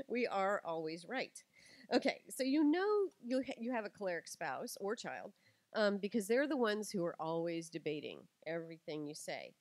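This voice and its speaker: A middle-aged woman giving a lively talk to an audience, telling stories and acting out quotes with animation. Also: mid-range voice, unhurried, dry recording. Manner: animated storytelling, acts out quotes.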